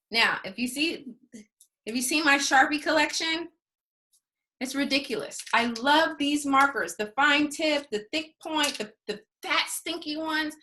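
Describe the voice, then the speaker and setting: A middle-aged woman, a business coach, speaks in a high, bright voice. Her style is casual and full of laughter, and she acts out little scenes and calls her listeners honey.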